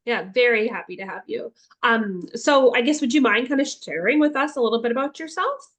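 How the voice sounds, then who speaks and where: A woman's voice: on the high side, lively intonation, a little fast, fairly bright tone. A woman co-hosting a casual podcast, chatty and rambling, peppering her talk with "like". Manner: chatty, lots of "like" fillers. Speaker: podcast co-host. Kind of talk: casual chat.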